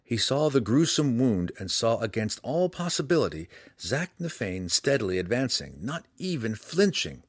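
A man narrating a fantasy audiobook in an expressive, dramatic reading. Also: medium pitch, normal speed, hardly any pauses, no room sound.

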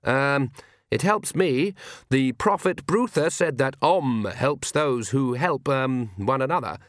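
A man's voice: medium pitch, slow pace, no room sound, studio quality, close to an everyday voice. A man voicing a nervous, earnest young male priest who halts and hesitates with many ums as he speaks. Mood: earnest, hesitant.

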